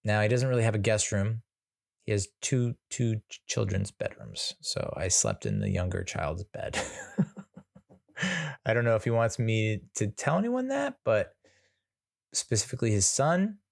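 A man's voice: on the low side, very animated, a little slow, creaky. An American man hosting a casual solo podcast, telling stories in a chatty, self-mocking way. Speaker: podcast host.

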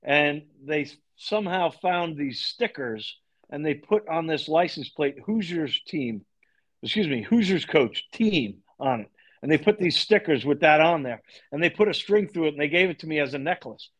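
A man's voice: on the high side, moderate pace, low-quality recording. A middle-aged man from Long Island, a lacrosse coach telling stories as a podcast guest and acting out the dialogue in them. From Long Island, New York. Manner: animated storyteller, acts out quoted dialogue. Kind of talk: storytelling in a podcast interview.

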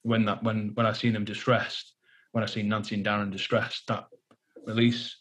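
A man giving a personal interview testimony in a halting, earnest way, full of fillers and restarts, sounding nervous. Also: lowish voice, level tone, fairly bright tone. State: nervous, anxious while speaking. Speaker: guest.

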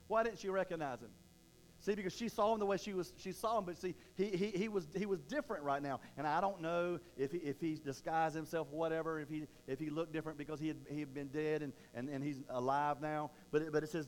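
Male preacher, online sermon, animated, repeats himself, acts out quotes, slightly high voice. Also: a little fast.

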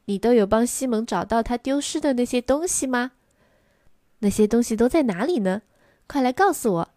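A woman reading a children's storybook aloud in two languages, in a gentle, expressive read-aloud manner. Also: a little high, a little fast, dry recording, clean studio sound. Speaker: storyteller for children's English lessons.

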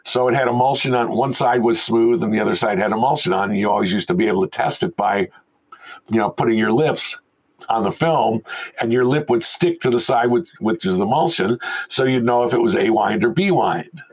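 An older man recounts his early career in a husky, breathy voice at a middle pitch. He is a lively storyteller who slips into other people's voices as he goes. His delivery is casual and conversational, as if he is talking with an interviewer. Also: brisk, rough recording. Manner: animated storyteller who acts out quoted voices. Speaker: guest, veteran film sound mixer.

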